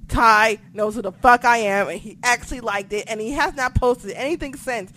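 A young woman on a podcast, telling stories in a casual, profane, animated way. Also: a little high, moderate pace, a little hiss or hum. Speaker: podcast co-host. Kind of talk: casual chat.

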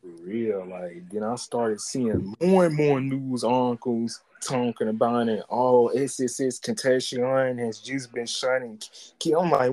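A young man hosting a podcast in casual, slangy chat, animated and full of "like". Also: medium pitch, a little slow, low-quality recording. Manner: slangy, animated, repeats filler "like". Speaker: podcast host.

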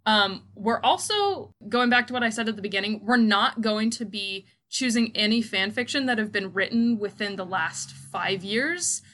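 A woman's voice: mid-range voice, animated, moderate pace, hardly any pauses, pushed and bright. A woman co-hosting a podcast, chatting casually and interjecting often. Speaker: podcast co-host. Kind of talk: casual chat.

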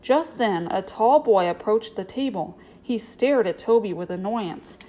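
A woman narrating a storybook in a steady, clear way. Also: medium pitch, measured pace, rough recording. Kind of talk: storybook reading.

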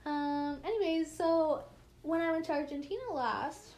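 A young woman from the United States tells stories in a casual chat with friends. Her voice sits high, and she has a slight lisp. She rambles through her tales with plenty of fillers and easy laughter. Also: a little slow, darkish tone.

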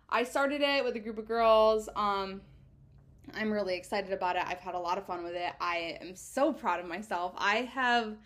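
A woman's voice: medium pitch, a bit bright. Chatty young woman podcaster. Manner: chatty, candid, lots of "like" fillers, swears casually. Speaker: podcast host. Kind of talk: casual solo podcast monologue.

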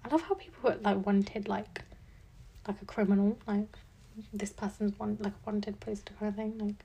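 A woman's voice: mid-range voice, fairly even intonation, moderate pace, vocal fry, warm tone, slightly rough. A twenty-year-old woman hosting a casual solo podcast, chatty and thinking aloud with lots of likes and ums. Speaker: podcast host.

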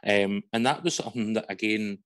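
Low-voiced Scottish male co-host. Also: fairly quick, fairly bright tone. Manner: thoughtful, rambling with fillers. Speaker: podcast co-host. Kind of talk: casual interview chat.

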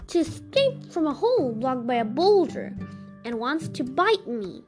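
A woman's voice: high-pitched, very animated, measured pace, music in the background. A woman voicing a scheming peasant man in a storybook reading, pleading and wheedling.

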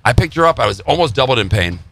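A man's voice: medium pitch, sing-song, rapid-fire, vocal fry, fairly bright tone. A middle-aged man hosting a casual chat, brash and joking, teasing his co-host.

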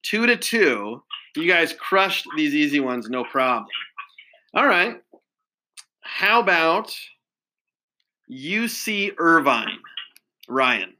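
A man's voice: on the high side, big pitch swings, takes it slowly, long pauses, pushed and bright, poor audio. A man hosting a casual quiz game, upbeat and full of praise, with lots of fillers. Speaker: quiz host.

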